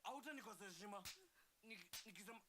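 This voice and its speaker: A man's voice: high voice, quick pace, very noisy, close to an everyday voice. An actor playing a drunk, raging husband who bullies his wife, barking orders and taunting.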